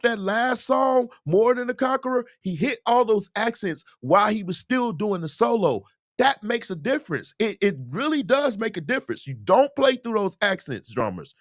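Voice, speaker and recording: Male host, casual livestream Q&A, emphatic and lively, high voice. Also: no room sound, clean studio sound. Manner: animated, emphatic, preachy asides. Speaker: host, musician.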